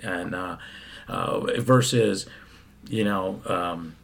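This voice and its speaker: Gravelly, husky-voiced man in casual chat. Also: deep voice, very slow, fairly bright tone. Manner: hesitant, many fillers and restarts.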